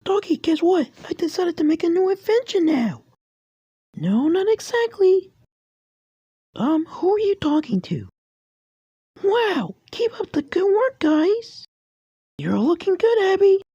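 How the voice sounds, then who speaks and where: A woman performs a cheerful young male cartoon cat inventor with a very high, bouncy voice that swoops up and down. He talks in an unhurried, excitable way, always cheering his friends on. The sound is dry and close, with a mellow tone. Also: no room sound, dull audio, exaggerated voice. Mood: upbeat. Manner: upbeat, encouraging, excitable. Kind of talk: fan voice clips of a cartoon character.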